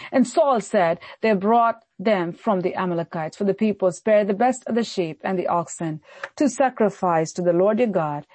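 A woman's voice: medium pitch, dark tone, breathy edge, no echo. A woman pastor preaching a sermon, emphatic and repetitive in her exhortations.

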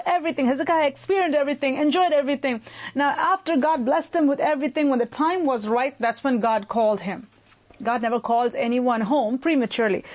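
Woman pastor, earnest preaching, emphatic delivery, a slightly high voice. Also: darkish tone. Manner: earnest, emphatic, shifts pace often. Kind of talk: sermon.

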